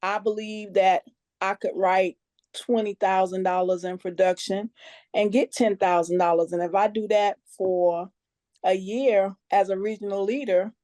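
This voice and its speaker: A woman's voice: mid-range voice, dark tone, dry recording, clean studio sound. A woman sharing her story on a business call, earnest, plain-spoken and a little nervous. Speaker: guest team member sharing her story. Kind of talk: casual testimonial on a conference call.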